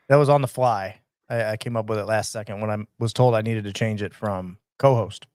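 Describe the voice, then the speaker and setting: A man's voice: fairly low pitch, moderate pace, a little mellow, no room sound, clean studio sound. A man hosting a podcast in casual chat, steering the talk with wry remarks. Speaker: podcast host.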